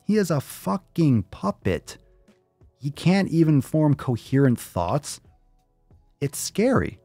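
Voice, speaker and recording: A man's voice: on the high side, big pitch swings, takes it slowly, warm tone, no room sound, faint music behind. A man hosting his own show, ranting in casual commentary, emphatic and profane, repeating words to drive his point. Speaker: podcast host.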